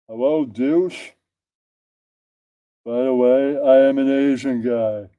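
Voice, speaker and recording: A man reads crude stand-up bits aloud and caps the jokes with flat deadpan tags. His voice is mellow and smooth, with a resonant tone. The sound is close and dry. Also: mid-range voice, slow, pauses often, no echo. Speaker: comedian reading his own bits.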